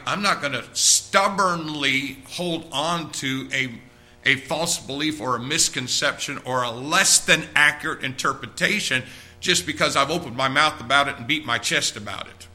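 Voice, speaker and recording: Preacher guy, really bright voice, chatty sermon, keeps asking the folks "okay?". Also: medium pitch, lively intonation, unhurried, soft background music. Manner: conversational preaching with frequent direct asks to the congregation.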